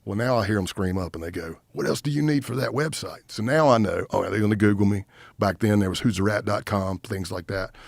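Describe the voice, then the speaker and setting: A man's voice: sits low, no room sound. A middle-aged man, a retired agent, telling a story in a casual podcast interview and acting out the lines of the people in it. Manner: animated storyteller, acts out quotes. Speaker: guest, retired FBI agent.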